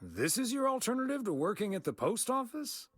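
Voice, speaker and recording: An actor playing a courteous mail carrier who speaks politely and makes light jokes. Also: male voice, extremely high pitch, sing-song, brisk, a bit bright, no room sound, studio quality, faint music behind, heavily acted. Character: polite, good-natured male mail carrier.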